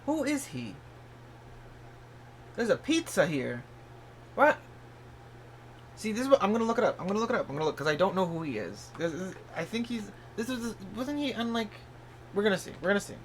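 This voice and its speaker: A man with a somewhat high voice gives a casual tarot reading, rambling in an encouraging way. He fills his talk with "like" and "you know" and jumps into excited, squeaky bursts of surprise. A faint hiss sits under his voice. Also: fairly quick, long pauses. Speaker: tarot reader.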